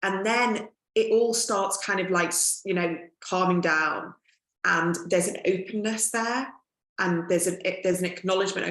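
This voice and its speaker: A middle-aged woman speaking as a guest in a podcast chat, reflective and unhurried with frequent fillers. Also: mid-range voice, a bit bright. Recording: echoey room.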